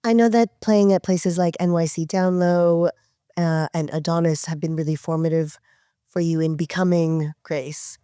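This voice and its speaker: A woman interviewer asks her questions gently, with hesitant phrasing. Her voice is low-pitched, mellow and smooth. The sound is dry and close. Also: steady tone, moderate pace, no echo.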